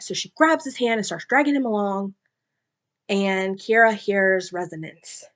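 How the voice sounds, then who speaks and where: A woman talks casually about books she has read, retelling the plot in a loose, rambling way. She uses plenty of fillers and asides and stays at a middle pitch. Her delivery is personal and conversational. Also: expressive, measured pace, fairly bright tone. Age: adult, mother. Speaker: book reviewer. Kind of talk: casual book discussion.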